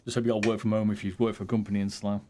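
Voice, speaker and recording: A man's voice: fairly low pitch, little pitch movement, very fast, dark tone, a little hiss or hum. A man live streaming a game, chatting casually to his viewers with plenty of swearing. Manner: laid-back, swears freely, chats to viewers. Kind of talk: casual chat while gaming.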